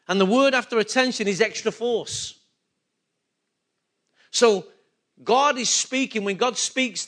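High, bright-voiced male preacher. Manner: animated preaching, repeats key phrases, asks the congregation questions. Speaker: pastor. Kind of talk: sermon.

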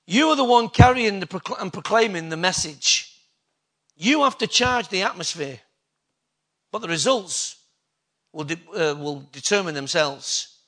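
A man's voice: high-pitched, animated, a little slow, pauses often, bright, forceful tone. A man preaching a sermon, emphatic and full of rhetorical questions to the congregation.

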